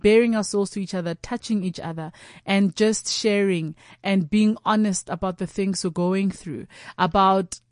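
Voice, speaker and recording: A woman comedian in her thirties or forties, speaking openly and with lively energy. She keeps dropping into quoted voices and imagined conversations, and often circles back to restart a phrase. Her voice sits at a middling pitch and sounds dry and close to the mic. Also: moderate pace, dry recording. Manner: animated, acts out quoted voices and imagined dialogue. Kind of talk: candid conversational chat.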